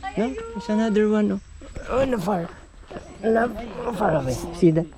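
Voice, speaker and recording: A woman's voice: medium pitch, animated, moderate pace, crowd noise. Sing-song woman coaxing a baby outdoors. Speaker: parent showing a baby around. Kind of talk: casual baby talk. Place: outdoor nature park.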